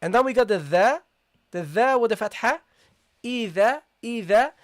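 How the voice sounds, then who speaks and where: A recitation teacher giving a live-streamed online lesson, explaining step by step, checking understanding with a frequent "okay?" and slowly sounding out letters to demonstrate. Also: mid-range voice, expressive, no room sound, studio quality.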